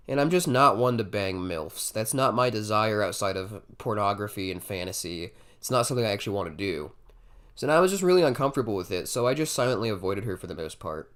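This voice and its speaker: A man in his twenties telling a comic story in a casual, swearing storytime style, jumping suddenly from muttered asides to loud bursts. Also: lowish voice. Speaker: comedy storyteller. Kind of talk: comedic storytime monologue.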